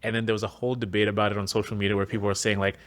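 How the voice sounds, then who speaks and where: A man co-hosting a casual podcast chat, chiming in with quick, chatty remarks. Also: lowish voice, level tone. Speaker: podcast co-host.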